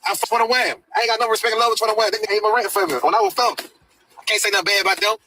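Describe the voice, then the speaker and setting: A man ranting live on his stream in profane street slang, pushing his voice high for emphasis. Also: fairly even intonation, very fast, sharp tone, slight background noise, low-quality recording. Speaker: live streamer reacting to a rap video.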